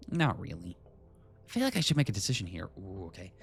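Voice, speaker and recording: A man's voice: fast talker, creaky, slightly rough. A man streaming a game live, chatting casually with his viewers and reading the game's text aloud. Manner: chatty, greets chat by name, lively pitch.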